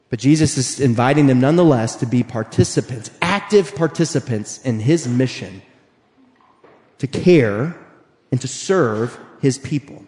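A man preaching a sermon, animated and emphatic, acting out the voices he quotes. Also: medium pitch, measured pace. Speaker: pastor. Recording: long hall reverb.

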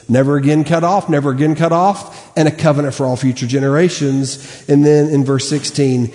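A man's voice: a little high, steady tone, normal speed, few pauses, darkish tone. Man preaching in a reverberant hall. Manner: emphatic, repetitive, reads scripture aloud. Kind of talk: sermon. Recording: long reverb of a large hall.

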